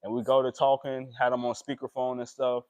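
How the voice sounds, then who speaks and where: A man's voice: medium pitch, monotone, clear, resonant tone, dry recording. Earnest young man speaking from the heart. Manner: earnest, emotional, halting with fillers. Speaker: vlogger. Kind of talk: personal confessional vlog.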